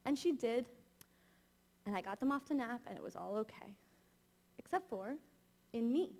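Woman in her thirties, higher voice, honest confessional sermon storytelling. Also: expressive, fairly quick, a little mellow. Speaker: preacher. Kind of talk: sermon told as a personal story.

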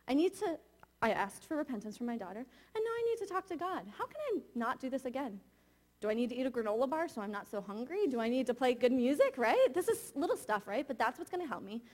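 Woman in her thirties, higher voice, honest confessional sermon storytelling. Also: a little mellow. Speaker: preacher. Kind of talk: sermon told as a personal story.

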